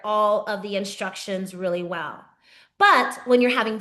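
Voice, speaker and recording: A woman's voice: medium pitch, fairly even intonation, moderate pace, fairly bright tone. A woman teaching a yoga teacher training session in a conversational way, often checking in with her students. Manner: conversational, frequent "right?" check-ins, varied pace.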